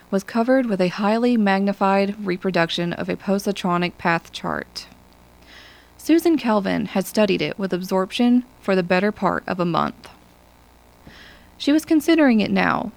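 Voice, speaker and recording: A woman reading an audiobook in a measured, even storytelling manner. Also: mid-range voice, gravelly, poor audio. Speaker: audiobook narrator. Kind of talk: scripted narration.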